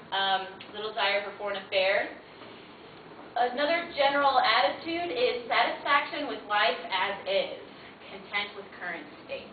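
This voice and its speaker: A young woman from the rural United States gives an informal talk in a chatty, animated voice that sits a little high. She is picked up from a distance in an echoey room. The sound is tinny and thin, like a phone line, with steady noise behind her. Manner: chatty, animated storytelling with laughs. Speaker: guest speaker. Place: lecture room.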